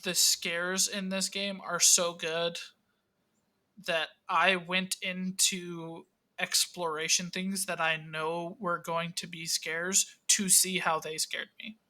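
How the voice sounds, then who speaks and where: Brief: male co-host, extremely bright, sharp-toned voice, enthusiastic and teasing. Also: high-pitched, little pitch movement, slow pace, poor audio. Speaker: podcast co-host. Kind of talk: casual chat.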